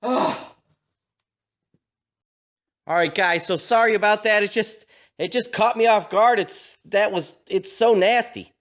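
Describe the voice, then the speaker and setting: A man's voice: high-pitched, moderate pace, a bit bright. A man vlogging in a garage, telling a story casually with lots of fillers and restarts, recorded on a camera mic. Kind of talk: casual chat.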